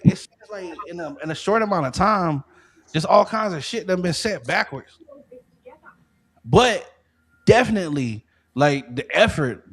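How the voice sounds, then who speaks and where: A man co-hosting a podcast in casual chat, ranting emphatically with rising rhetorical questions. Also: high-pitched. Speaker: podcast co-host.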